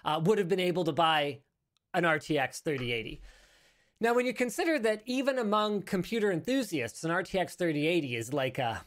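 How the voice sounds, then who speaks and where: A male show host talking through tech news in a casual, rambling way, correcting himself and adding joking asides. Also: a little high.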